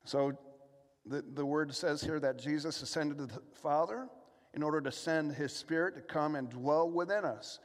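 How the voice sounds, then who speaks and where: A man's voice: a little high, normal speed. Earnest male preacher in a reverberant hall. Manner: earnest preaching, rhetorical questions and scripture reading. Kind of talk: sermon.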